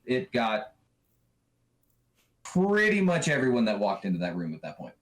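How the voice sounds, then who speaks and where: Male guest, lively mid voice, roomy echoey video call sound. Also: mid-range voice, normal speed. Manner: animated, stumbles and restarts. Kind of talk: casual chat. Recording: roomy echo.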